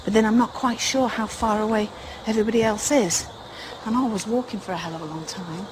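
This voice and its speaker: A woman's voice: mid-range voice, fairly even intonation, brisk, noisy background. A woman presenting a paranormal show, alone in the woods at night, calling out to spirits with nervous, whispering fright. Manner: nervous, jumpy, whispering often, with bursts of nervous humour.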